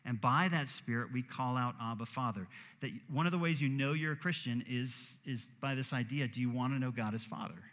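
A man's voice: mid-range voice, fairly quick, a bit bright, long reverb tail. A man preaching a sermon as pastor, earnest, acting out short prayers in quoted voices.

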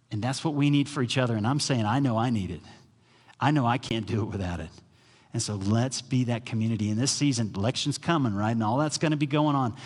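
A man's voice: mid-range voice, slightly rough, big-room sound. A man preaching a sermon as pastor, telling stories and acting out the voices of the people in them. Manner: storytelling preacher, acts out quoted voices.

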